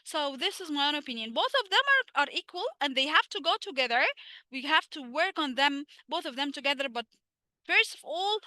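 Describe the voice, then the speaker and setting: During a live online English lesson, a native Arabic-speaking woman with an Egyptian accent answers the very questions she asks. She takes her English slowly and her Arabic asides quickly. The voice is high-pitched, animated and sharp, with no room sound.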